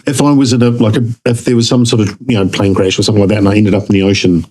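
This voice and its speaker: A podcast guest with a New Zealand accent and a darkish tone tells a story in a casual, animated, rapid-fire way, with little pitch movement except when he jumps up in pitch to act out dialogue. The recording is rough.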